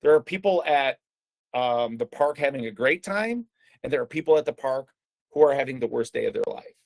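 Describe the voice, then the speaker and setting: A man from the United States gives a talk, telling a personal story conversationally with frequent fillers and restarts. His medium-pitched voice is animated and brisk, with vocal fry.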